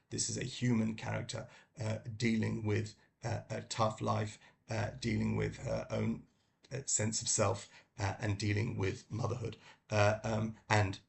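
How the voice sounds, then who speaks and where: A middle-aged British man from London chats casually about books. His voice is deeply gravelly, and he often stops on ums and restarts. A faint hiss sits behind him. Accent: British English. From London, England. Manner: halting, many ums and uhs and restarts. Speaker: book vlogger. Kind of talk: casual book review talk.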